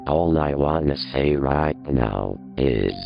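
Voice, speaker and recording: A man voicing an ominous, demonic robotic figure that watches people, speaking slowly and menacingly through a distorted filter. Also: lively intonation, faint music behind, full character voice. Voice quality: distorted, very low and gravelly. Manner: slow, menacing. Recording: dull muffled lo-fi sound.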